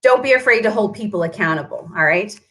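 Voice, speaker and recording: A woman's voice: medium pitch, animated, quick pace, pushed and bright. A woman who runs a paint shop, chatting on a live stream, answering viewer comments and tagging her points with "right?".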